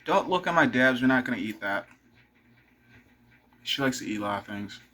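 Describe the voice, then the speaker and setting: A man's voice: medium pitch, animated, normal speed, bright, forceful tone. A young man rambling casually to camera, swearing freely and talking to his dog between thoughts. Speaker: vlogger.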